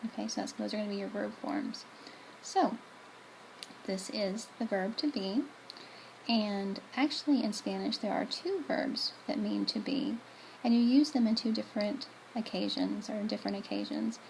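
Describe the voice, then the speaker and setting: A woman's voice: mid-range voice, moderate pace, gravelly, darkish tone, a little hiss or hum, rough recording. A woman teaching Spanish verbs in a chatty style, correcting herself as she writes on a board. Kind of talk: classroom video lesson.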